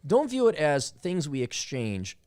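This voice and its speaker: A man chatting casually in a studio, telling animated stories and acting out quotes. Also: a little high, a little slow, no room sound. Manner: animated storyteller, acts out quotes. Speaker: guest. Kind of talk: casual chat.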